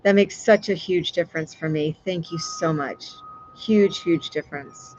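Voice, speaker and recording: A woman's voice: fairly low pitch, moderate pace, highs cut off, heavy background noise. A woman hosting a casual live stream, chatting with viewers in a rambling way with lots of fillers and restarts. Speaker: livestream host.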